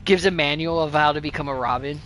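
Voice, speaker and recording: A man's voice: fairly high pitch, fast talker, fairly bright tone, a little hiss or hum. A man giving casual, rambling commentary while playing a game, laughing often and mocking himself. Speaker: gamer.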